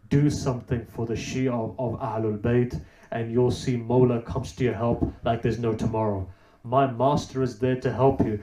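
A man's voice: mid-range voice, dark tone. A man preaching a sermon, telling a story with rhetorical questions and building to emphatic peaks. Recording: roomy echo.

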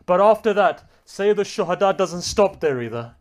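A man preaching an emotional sermon story, swinging from hushed low tones to loud, impassioned climaxes and asking the audience rhetorical questions. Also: lively intonation, normal speed, few pauses.

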